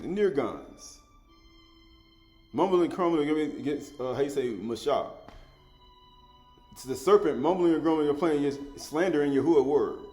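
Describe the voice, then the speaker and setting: Guy teaching scripture in a loose chatty way, laughs a lot, repeats himself, keeps asking right?, bit of quiet music behind him. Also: a little high. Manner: chuckles often, repeats words, asks "right?". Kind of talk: informal spoken Bible study.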